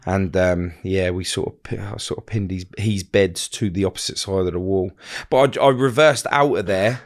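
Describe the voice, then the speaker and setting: A man telling stories in an interview, rambling and halting with many fillers and restarts. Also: deep voice. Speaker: interview guest. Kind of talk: casual storytelling interview.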